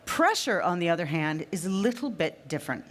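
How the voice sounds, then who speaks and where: Emphatic low-voiced woman giving a talk. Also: lively intonation, fast. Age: 50s. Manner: emphatic, repeats key phrases, asks the audience to reflect. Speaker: speaker at a trade fair session. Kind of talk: conference talk.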